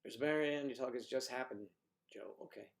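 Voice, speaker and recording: A livestream host with a medium-pitched voice talks at a quick pace, chatting casually and joking in rambling asides as he reacts to viewer comments.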